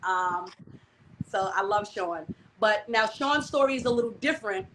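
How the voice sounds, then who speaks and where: This live-stream talk show host talks at normal speed in a mid-range voice with lively intonation. She chats candidly and freely, saying "um" and "you know" a lot, and the computer mic on the stream gives noisy audio.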